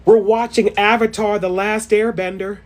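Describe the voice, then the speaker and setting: Vlogger ranting about spirituality, mid voice, swears a lot, goes loud then real quiet. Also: mid-range voice, moderate pace. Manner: profane, excitable, swings between shouting and murmuring. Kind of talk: casual spiritual rant.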